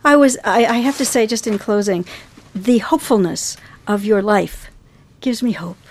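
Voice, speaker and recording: A woman's voice: mid-range voice, normal speed. A woman hosting a radio interview show, asking questions in an earnest, gracious way.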